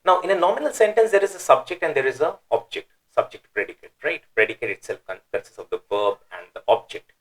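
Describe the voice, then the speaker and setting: A man's voice: a little high, expressive, fast talker, few pauses, rough recording. Man patiently explaining, with emphatic intonation. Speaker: Quran teacher. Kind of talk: explanatory lecture.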